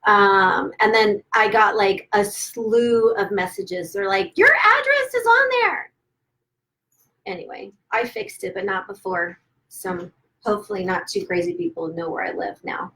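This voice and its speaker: A woman author on a livestream, emotional and close to tears, gushing with excitement and stumbling over her words as she celebrates her new book at home. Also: mid-range voice, creaky, poor audio. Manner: gushing and excited, halting with restarts. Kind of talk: casual livestream chat. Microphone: phone or webcam livestream.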